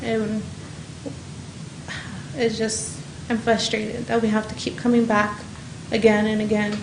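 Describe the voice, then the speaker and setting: A woman making a public comment at a county meeting as a home care provider, frustrated and pleading, speaking haltingly into a podium microphone. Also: medium pitch, completely flat delivery, creaky. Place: council chamber. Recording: echoey meeting room with faint noise.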